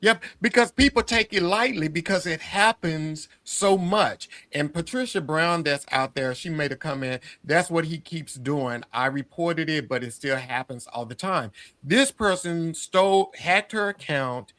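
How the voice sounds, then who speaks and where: Bright-voiced emphatic male podcast host. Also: a little high, measured pace, dry recording. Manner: emphatic, exclaims loudly when worked up. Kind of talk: casual interview chat.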